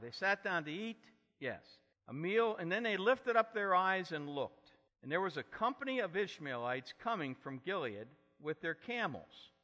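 A man's voice: a little high, pushed and bright. A man preaching an expository sermon and telling the story with dramatic emphasis. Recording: long hall reverb.

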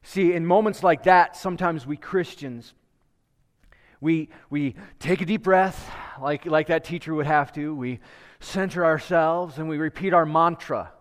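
A man preaching in a church in a fairly high voice, talking with the congregation and putting questions to them instead of lecturing. His voice trails off into a long hall reverb. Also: a little slow. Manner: conversational, asks the congregation questions. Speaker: pastor. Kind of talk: sermon with prayer and storytelling. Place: church sanctuary with a live congregation.

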